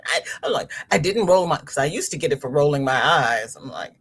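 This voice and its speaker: A woman's voice: deep voice, fairly quick, hardly any pauses, slightly rough. A middle-aged woman hosting a casual crochet livestream, chatting with viewers, telling stories and laughing often. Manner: animated storyteller, laughs often. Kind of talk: casual livestream chat, reading viewer comments.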